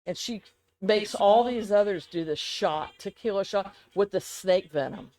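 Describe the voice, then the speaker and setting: A woman's voice: mid-range voice, a little slow, low-quality recording. Rambling woman podcast co-host. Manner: rambling, animated, laughs often. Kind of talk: casual chat.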